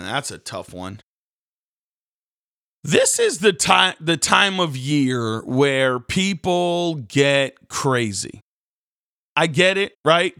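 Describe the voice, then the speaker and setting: A man, a pastor hosting a daily devotional, preaching casually with sudden jumps into loud mocking voices. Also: sits high, smooth, no echo, clean studio sound. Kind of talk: energetic devotional sermon.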